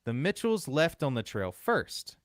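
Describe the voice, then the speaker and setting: A man's voice: mid-range voice, big pitch swings, a little slow, dry recording, studio quality. A man co-hosting a podcast, reading an old newspaper account aloud and then chatting about it loosely. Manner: reads old newspaper text, then chats loosely with laughs. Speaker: podcast co-host.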